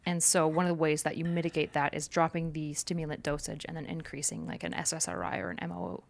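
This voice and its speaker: A woman's voice: low voice, quick pace, creaky. A young woman co-hosting a casual livestream chat, explaining clinical terms in a chatty way with plenty of fillers. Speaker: co-host.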